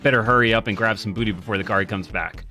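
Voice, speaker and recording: A man's voice: lowish voice, fast, sharp tone, soft background music. A man giving casual gameplay commentary, chatty and often laughing, reading game text aloud as he plays. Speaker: game streamer.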